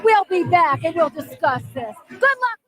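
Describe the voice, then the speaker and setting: A woman's voice: very high-pitched, very animated, moderate pace, music in the background. A woman hosting a late-night TV show, interviewing celebrities in a bubbly, gushing manner and calling herself by name. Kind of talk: red-carpet celebrity interviews.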